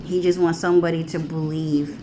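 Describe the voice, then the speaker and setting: A woman's voice: low-pitched, flat delivery, brisk, noisy background. A woman talking to her viewers in a rambling, profane monologue that keeps circling back on itself. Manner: profane, repetitive, drawling. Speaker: vlogger.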